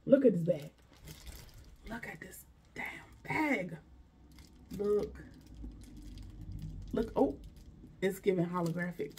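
A woman's voice: mid-range voice, slow pace, pauses often, mellow, a little hiss or hum. A woman vlogger chatting casually through a shopping haul, gushing and exclaiming over each item. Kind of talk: casual unboxing chat.

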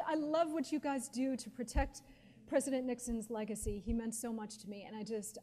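Speaking on the high side, a woman in her forties entertains a live question-and-answer session as a guest speaker telling stories. She's animated, laughs a lot, and scatters casual fillers throughout.

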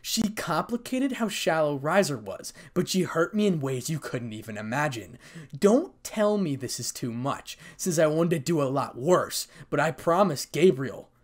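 A man's voice: on the high side, expressive, normal speed. A man voicing a bitter young man who speaks harshly and with scorn, in a fan fiction reading. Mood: cold, scornful.

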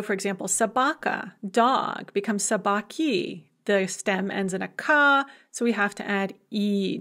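A woman giving a recorded university language lecture, patiently explaining grammar with examples and light humorous asides. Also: mid-range voice. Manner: patient, explanatory, gives example words then translations.

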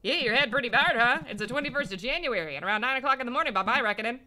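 A player voicing a blunt, helpful female bird who fishes, speaking in a brisk, matter-of-fact way. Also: medium pitch, expressive, bright, forceful tone.

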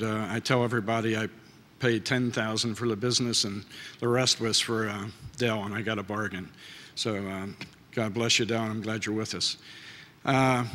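A man's voice: on the low side, bright, forceful tone. A man in his late fifties giving a folksy, heartfelt award acceptance speech at a podium, with plenty of filler uhs. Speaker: award inductee. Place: large banquet hall. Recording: reverberant hall.

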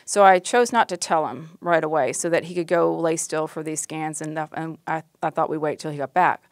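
An emergency room doctor, a middle-aged woman, tells a story in conversation, hesitating with frequent fillers and restarts. Her voice sits low and runs a little fast. The studio sound is clean, with no echo.

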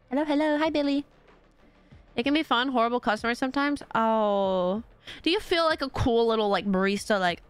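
A bubbly young woman chats away with her stream while she plays. Her voice sits a little high, with faint game music underneath. She talks casually, jumping from topic to topic. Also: animated, a little fast, smooth, no room sound. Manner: chatty, bubbly, reacting to chat. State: out of breath. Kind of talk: casual chat while gaming.

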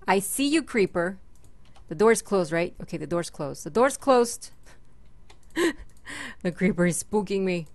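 A woman's voice: mid-range voice, expressive, measured pace, pauses often, no echo. A young woman chatting her way through a Minecraft let's play, talking to mobs and her pet and squealing when startled. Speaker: gaming channel host.

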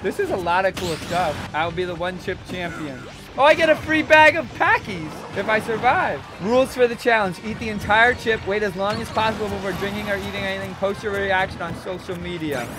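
A man hosting a casual vlog, talking excitably and directly to his viewers. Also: high voice, brisk, hardly any pauses. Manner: excitable, talks straight to viewers. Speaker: streamer and video host. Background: background music.

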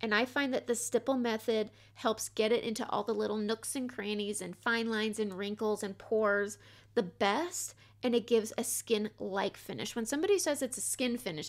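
A woman's voice: mid-range voice, normal speed. A woman in her forties chatting casually through a step-by-step makeup tutorial, joking about herself as she goes. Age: 40s. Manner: chatty, self-deprecating, step-by-step instructing.

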